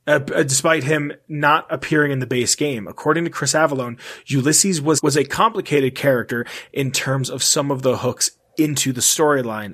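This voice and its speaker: Male podcast host, mid-pitched, casual delivery: reads text aloud and tosses in offhand comments. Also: fairly bright tone. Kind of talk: casual podcast chat, reading notes aloud.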